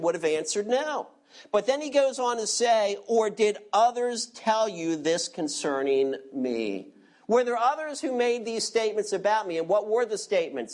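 Man, pastor, expository sermon, emphatic, rhetorical questions, directs listeners to verses. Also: high voice.

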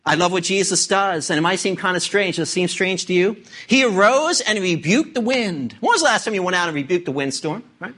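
A man's voice: high voice, lively intonation, brisk, hardly any pauses, a bit bright. A man preaching a sermon, emphatic and full of rhetorical questions, asking the congregation to turn to scripture. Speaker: pastor.

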